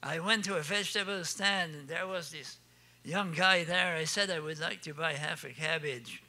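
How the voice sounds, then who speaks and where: A man's voice: fairly high pitch, normal speed, sharp tone. An older man with an Acadian French accent telling folksy comic stories on stage, laughing at his own punchlines. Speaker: storyteller.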